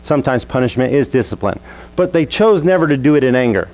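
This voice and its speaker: A male pastor delivers a sermon through a childhood story, acting out each scene as he tells it. His voice sits at an ordinary middle pitch for a man, and he slips into quick impressions of the people in the story. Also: poor audio. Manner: animated, acts out family scenes with voices.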